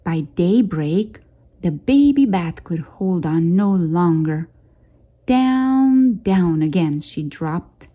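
A woman hosting a storytime channel, reading a children's picture book aloud in a gentle, expressive way. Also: on the low side, takes it slowly, dull audio. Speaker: storytime host.

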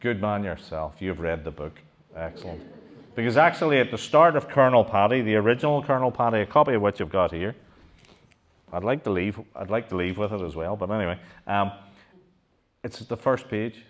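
A man's voice: fairly low pitch, animated, a little fast. A middle-aged man giving a public history talk to an audience. He speaks animatedly, puts questions to the room and often restarts his sentences. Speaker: lecturer giving a museum talk.

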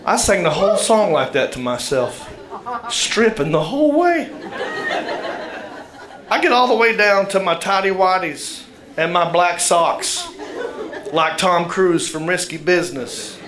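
A man's voice: high voice, expressive, measured pace, long pauses. A middle-aged man with a Southern US accent telling a stand-up story in a drawling, self-mocking way, building to punchlines. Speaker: stand-up comedian. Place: comedy club stage. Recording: echoey stage with crowd laughter. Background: audience laughter.

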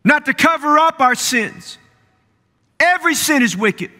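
Pastor guy preaching, really high bright voice, repeats his lines hard, big echoey church. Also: lively intonation, unhurried. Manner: preaching with rising fervor, repeating phrases for emphasis. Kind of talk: sermon. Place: church sanctuary.

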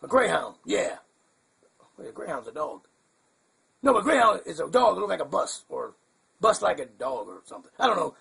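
A man doing a raspy, goofy bird puppet. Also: fairly high pitch, big pitch swings, normal speed, pauses often, a bit bright, pitched below the performer's own voice, heavily acted. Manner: rambling, muddled, chuckling. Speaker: hand puppet co-host. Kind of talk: puppet comedy show.

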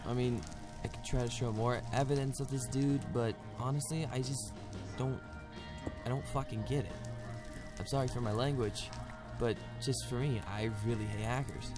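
A man giving raging gameplay commentary, swearing heavily and yelling at an opponent. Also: medium pitch, steady tone, moderate pace, over music. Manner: swears a lot, rages and yells at an opponent. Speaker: gamer.

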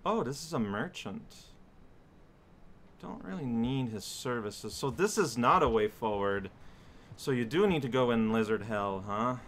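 A man giving casual gameplay commentary, muttering to himself and bursting into exasperated shouts. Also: medium pitch, lively intonation, unhurried, a little hiss or hum. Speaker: let's play commentator.

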